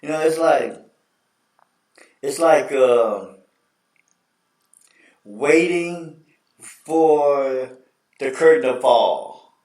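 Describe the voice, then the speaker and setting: A man hosting a casual sports chat show, telling stories in an animated, slangy way. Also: a little high, extremely slow, pauses often. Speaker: host. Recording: echoey room, distant mic.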